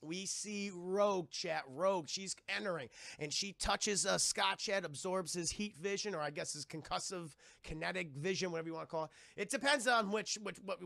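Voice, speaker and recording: Young male streamer, excitable recap chatter, bright creaky voice. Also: sits high, normal speed, few pauses, no room sound. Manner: rambling, excitable, chatting to viewers. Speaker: streamer reviewing a cartoon. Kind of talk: casual live-stream commentary.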